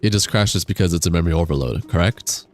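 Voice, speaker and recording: A low-pitched man talks fast as he live-streams a game through a desk USB microphone. He chats casually, reads viewer messages aloud, and occasionally laughs and curses.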